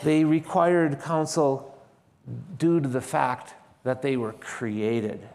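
A man's voice: mid-range voice, steady tone, slow, darkish tone. Man preaching a sermon in a reverberant hall. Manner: emphatic, repeats key phrases with shifting stress. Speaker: pastor.

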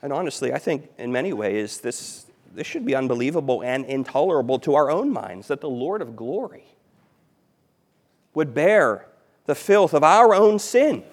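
A man preaching a sermon as pastor, emphatic, repeating key phrases and swinging between loud stress and quiet. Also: mid-range voice, very animated, moderate pace.

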